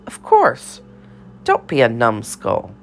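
A woman's voice: a bass voice, wildly swooping pitch, slow, creaky, slight background noise, exaggerated voice. A woman voicing an eccentric older cafeteria lady who speaks in riddles and scolds in a theatrical sing-song. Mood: playful, scolding.

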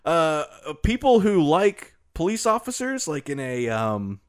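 A man's voice: on the high side, big pitch swings, a little slow, no room sound, studio quality. A man co-hosting a podcast, chatting casually and joking, often slipping into goofy voices. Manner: goofy, jokey, drifts into silly put-on voices. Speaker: podcast co-host. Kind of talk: casual comedic chat.

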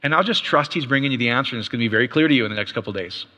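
A middle-aged man preaches in a loose, conversational way, tossing out rhetorical questions as he goes. His voice is bright and forceful, sitting at an ordinary pitch for a man. It carries with a long reverb through a church hall. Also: very fast. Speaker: pastor. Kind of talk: sermon.

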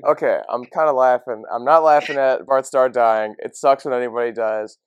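A man co-hosts a casual sports podcast, telling anecdotes full of "like" and breaking into laughter. His voice sits at a middle pitch, and the sound is dry and close to the mic. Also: steady tone, moderate pace, smooth, dry recording, highs cut off. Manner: laughing storyteller, many fillers. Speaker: podcast co-host.

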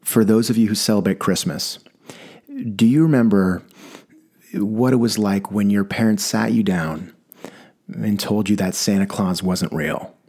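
A man's voice: fairly low pitch, measured pace, a little mellow, breathy edge. A man telling a wry personal story about a passenger, with a dry delivery. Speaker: rideshare driver telling a story.

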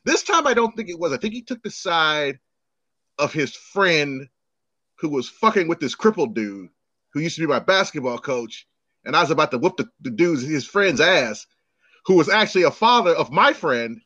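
A man in his thirties co-hosting a casual chat, an animated storyteller who swears and acts out quotes. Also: on the high side, normal speed, no echo, dull audio.

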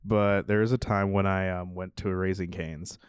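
Smooth-voiced, chatty man hosting a movie podcast. Rambling and quick to laugh, in a dry, close recording. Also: low-pitched, little pitch movement, dry recording. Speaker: podcast host. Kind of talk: casual movie-news chat.

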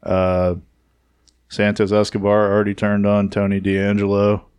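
Man, casual wrestling chat, laid-back, low voice, dry sound. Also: completely flat delivery, a little slow, darkish tone, clear, resonant tone, no echo. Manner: laid-back, recaps news with fillers.

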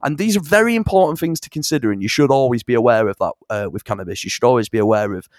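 A young man, telling stories in a casual interview about songwriting, animated and sweary. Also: medium pitch, rapid-fire, dry recording, clean studio sound. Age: young adult. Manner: animated storyteller, swears, fond of impressions. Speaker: songwriter and musician.

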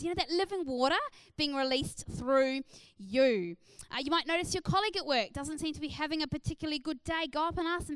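A woman's voice: high voice, animated, fairly quick, a bit bright, dry recording, poor audio. A woman preaching a sermon in an earnest, encouraging way, with frequent "uh" fillers.

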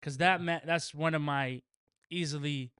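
A man co-hosting a casual podcast chat, excitable and profane, often restarting his sentences. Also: on the high side, clear, resonant tone, no room sound, clean studio sound. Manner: fast, excitable, laughs and swears, stumbles over restarts. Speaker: podcast co-host.

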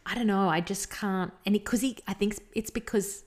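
A woman co-hosting a podcast, chatting casually and telling an animated story with frequent laughs. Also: medium pitch, normal speed. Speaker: podcast co-host. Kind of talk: casual chat.

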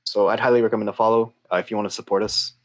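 Low-voiced joking podcast co-host man. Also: flat delivery, racing. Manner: joking, offhand. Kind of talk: casual podcast chat.

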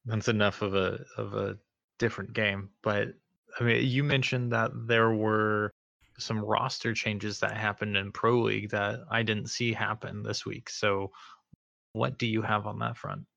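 A man's voice: on the low side, little pitch movement, unhurried, gravelly, pushed and bright, dry recording. A man co-hosting an esports podcast, commenting in a wry, casual way. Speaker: podcast co-host. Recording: dull, dry lo-fi mic.

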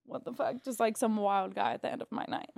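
A woman's voice: fairly high pitch, fast talker, gravelly, dry recording, clean studio sound. Chatty woman telling a story. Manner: animated, heavy use of "like", swearing. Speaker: podcast co-host, casino dealer. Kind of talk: casual storytelling chat.

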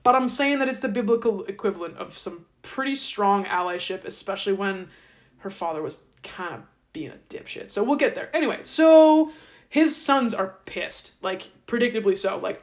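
A woman's voice: mid-range voice, expressive, normal speed. A woman host casually retelling a story in a chatty, irreverent, joking way. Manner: irreverent, chatty, swears lightly. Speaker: podcast host.

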